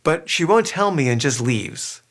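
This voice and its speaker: A man's voice: a little high, very animated, measured pace, fairly bright tone. A middle-aged man telling a personal story in a rambling, anxious way full of fillers. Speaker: filmmaker recounting his life.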